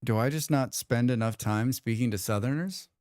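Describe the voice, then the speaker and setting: This livestream host, a man, speaks at normal speed in a mid-range, slightly mellow voice. He casually chats with viewers and reads their comments, rambling and joking with frequent restarts. The sound is studio quality with no room sound.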